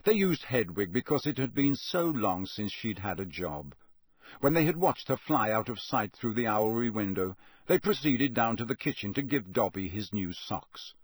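Husky male audiobook narrator. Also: on the low side, dry recording. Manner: steady, measured storytelling. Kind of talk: scripted narration.

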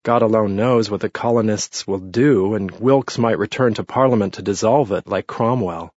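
A man's voice: lowish voice, moderate pace, a little mellow, no echo, lightly acted. A man voicing a bitter, witty redheaded Englishman who talks dryly and mournfully. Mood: sardonic. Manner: dry, mournful, sardonic. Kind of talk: audiobook character reading. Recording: muffled lo-fi recording.

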